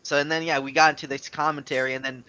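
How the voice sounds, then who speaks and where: A man in casual chat, quickly recounting an online argument over a lo-fi recording. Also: fairly high pitch, flat delivery, bright, forceful tone. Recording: dull lo-fi mic.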